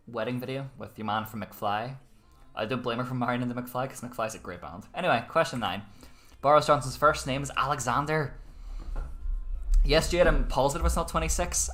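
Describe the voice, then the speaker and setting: Irish male quiz host, bright, forward tone, loose and jokey, mid-range pitch. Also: normal speed. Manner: chatty, joking asides, self-amused. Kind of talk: casual online quiz hosting.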